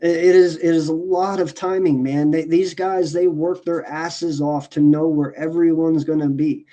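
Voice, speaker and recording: A man's voice: a little high, little pitch movement, moderate pace, mellow. A man talking sports casually as a podcast co-host, emphatic and profane, often restarting his sentences.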